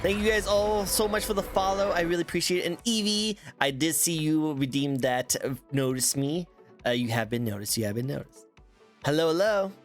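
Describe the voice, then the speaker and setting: A man hosting a casual streamed interview, goofy and quick to laugh, stammering through jokes. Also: fairly high pitch, soft background music. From United States. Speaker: host.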